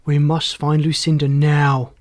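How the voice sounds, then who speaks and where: A storybook reader voicing Frog, a laid-back country boy who bursts into loud, excited exclamations. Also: mid-range voice, measured pace, no echo, close to an everyday voice.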